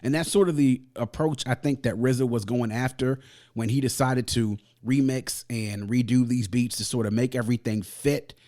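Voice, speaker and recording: A man hosting a music review podcast, talking in a casual, slangy, animated way and laughing often. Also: mid-range voice, normal speed.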